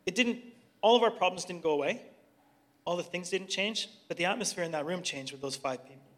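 A man's voice: high-pitched, a little fast, fairly bright tone. Earnest man in a reverberant hall. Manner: earnest, conversational, with searching restarts. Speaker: youth organization director and speaker. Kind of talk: personal testimony and leading prayer.

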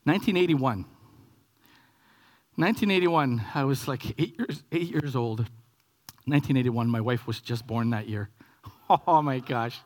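Animated Canadian man in his forties. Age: 40s. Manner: animated storytelling, acting out scenes with sudden whispers and high excited bursts. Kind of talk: sermon.

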